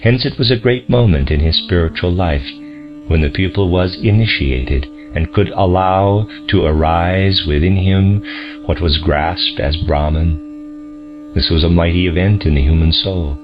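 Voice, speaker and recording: Very deep-voiced man reading a lecture. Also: moderate pace, over music. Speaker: audiobook reader. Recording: dull lo-fi recording.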